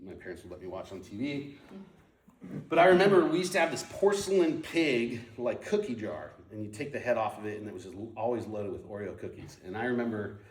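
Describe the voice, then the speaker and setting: A man tells a personal story to a group, chatty and full of restarts and filler words. His voice sits at an average pitch and carries a roomy echo, picked up from some distance away from the mic. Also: a little fast. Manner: storytelling, animated, lots of ums and restarts. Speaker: speaker sharing his testimony. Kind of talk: personal testimony talk. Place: moved to Portland in the nineties.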